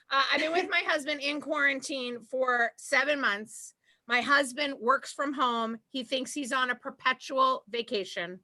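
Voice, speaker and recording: Boston lady doing standup on a video call, high and bright, cracking jokes at herself. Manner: brash, self-mocking, rapid jokes. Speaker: comedian. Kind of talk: stand-up set.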